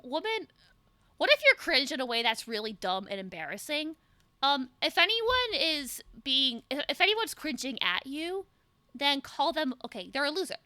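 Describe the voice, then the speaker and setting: A young woman streams sick with the flu, her high, bright voice swooping up and down as she jokes with chat. She swears freely and fills her talk with "like". The sound is close and dry, with no room around it. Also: no echo. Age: young adult. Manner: chatty, swearing, joking with chat, lots of "like". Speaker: VTuber streamer. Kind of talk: casual live-stream chat.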